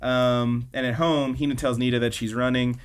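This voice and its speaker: A man's voice: mid-range voice, flat delivery, normal speed, smooth. A man co-hosting a podcast, casually recapping anime episodes in a rambling way with lots of fillers. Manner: rambling, filler-heavy retelling. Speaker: podcast co-host.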